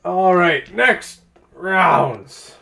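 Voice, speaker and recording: A man running a tabletop game as game master, narrating in a relaxed, chuckling way. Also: sits high, very slow, gravelly, a little hiss or hum.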